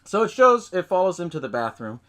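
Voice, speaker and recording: A man's voice: high voice, sing-song, brisk, fairly bright tone. Man casually recapping a film, swearing. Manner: swears often, laughs, acts out lines from scenes. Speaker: podcast host.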